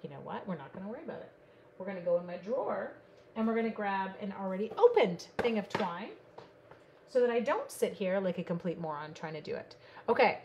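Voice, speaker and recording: A chatty woman from Canada leads a live card-making stream, talking steadily to her viewers as she works. Her voice sits at an ordinary middle pitch. A faint hiss of noise runs under the recording. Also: sing-song, fairly quick, dull audio. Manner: chatty, bubbly, talks to viewers while working. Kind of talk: live online crafting stream.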